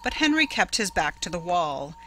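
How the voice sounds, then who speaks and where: A woman narrating a ghost story in a dramatic, measured audiobook reading. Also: fairly low pitch, sing-song, bright, forceful tone, slight background noise, low-quality recording.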